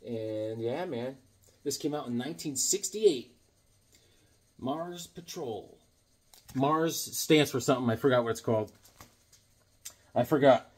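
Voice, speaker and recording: A man's voice: mid-range voice, slightly rough. A man casually chatting about his comic collection, rambling and joking, with fillers along the way. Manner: chatty, jokey, rambling with fillers and put-on voices in anecdotes. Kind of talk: casual chat.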